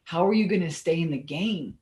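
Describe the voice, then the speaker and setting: A woman business coach giving an energetic, blunt motivational talk, swearing casually as she goes. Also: lowish voice, brisk, echoey room.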